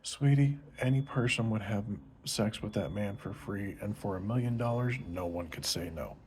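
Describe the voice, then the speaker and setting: A man's voice: on the low side, moderate pace, a little mellow, slight background noise, natural voice. A man voicing a blushing mother who answers in a sweet, coy, motherly way.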